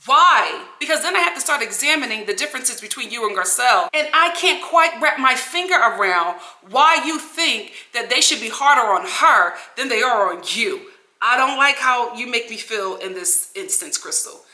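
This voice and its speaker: A woman vlogger giving casual reality-TV commentary in an animated, sassy, slangy way. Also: on the high side, normal speed, reverberant. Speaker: vlogger, TV recap host.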